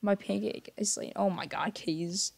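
In a casual gaming livestream, a young man with a high, steady voice speaks a little slowly, sounding creaky and husky. He drifts from topic to topic while chatting with viewers, often apologizing. At times he speaks softly to keep the noise low.

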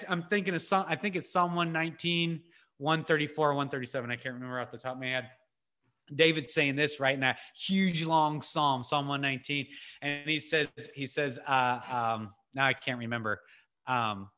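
A young man preaching an animated sermon over a video call, exclaiming often and dropping quick "right?" asides. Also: a little high.

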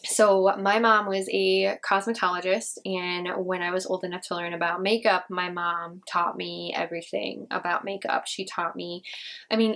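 A woman's voice: medium pitch, fairly bright tone. A young woman from northern Indiana with a slight Indiana twang, chatting casually to her viewers in a rambling way. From northern Indiana, US Midwest. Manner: chatty, rambling, many "like" fillers. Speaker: beauty vlogger. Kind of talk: casual chat to camera.

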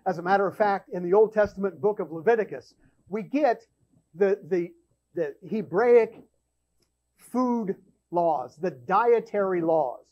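Slow, emphatic man teaching scripture. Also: high voice, highs cut off. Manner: emphatic, repeats words while thinking aloud. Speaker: church show host. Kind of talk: Bible teaching.

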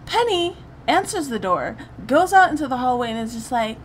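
A young woman hosting a let's play, chatting through the game in an animated, gushing way with bursts of laughter. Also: sits high, moderate pace, few pauses, slight background noise. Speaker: gaming channel host.

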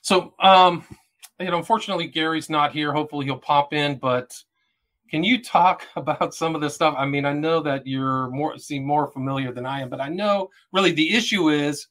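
A man's voice: fairly high pitch, moderate pace, fairly bright tone. A man hosting a podcast, talking in a loose, rambling way with lots of "kind of" fillers. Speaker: podcast host. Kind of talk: casual podcast interview.

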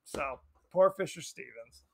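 Animated high-voiced man podcast host. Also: measured pace, gravelly, breathy edge. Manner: animated, acts out scenes with exaggerated voices. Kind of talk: casual movie chat.

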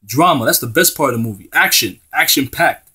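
A man's voice: mid-range voice, lively intonation, fairly quick, bright, forceful tone, a little hiss or hum. A man preaching, reading scripture aloud and breaking in with emphatic, profane street talk. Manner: emphatic, profane and slangy between verses.

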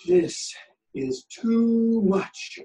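Male reader as storybook mom, fretful and groaning, high lively voice, off-mic. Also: a little slow, recorded from a distance, soft background music, poor audio. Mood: exasperated. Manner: fretful, protesting. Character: worried exasperated mother, adult woman.

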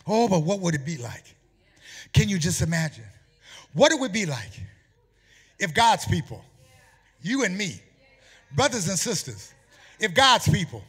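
Male preacher, high bright voice, swooping animated delivery, emphatic sermon, long church reverb. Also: a little slow, pauses often, slightly rough. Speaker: pastor. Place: church sanctuary.

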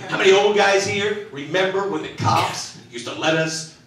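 A middle-aged man doing live stand-up comedy on a theater stage, loud and punchy, talking with the audience. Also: sits high, normal speed, heavy reverb, recorded from a distance. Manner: loud, punchy, crowd-working.

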